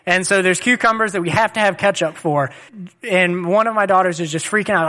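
A man's voice: high voice, a little fast, sharp tone. A man in his thirties preaching a sermon in an earnest, conversational way and telling personal stories. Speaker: pastor.

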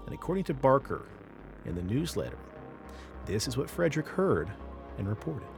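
A man hosts a paranormal podcast and tells a creature story with lively storytelling and casual asides. His voice sits in a mid pitch and swings up and down with the tale, and faint music plays beneath him. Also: moderate pace, vocal fry. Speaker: podcast host.

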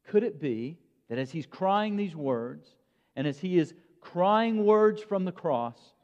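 A man delivers a sermon slowly and deliberately, leaning on dramatic pauses for emphasis. His voice sits a little high for a man. The sound is muffled and lo-fi, with a long reverb tail as if he is in a church sanctuary. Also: a little mellow. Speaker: preacher.

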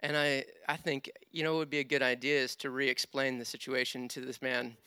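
A man preaching a sermon, telling a personal story with animated, self-deprecating humor. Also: medium pitch, a little fast, clear, resonant tone. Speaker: pastor.

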